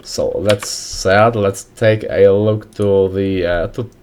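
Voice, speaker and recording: Halting man reviewing a game mod. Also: sits low, steady tone, darkish tone, slight background noise. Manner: halting, reads out names with many pauses and restarts. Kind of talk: casual screen-recorded game commentary.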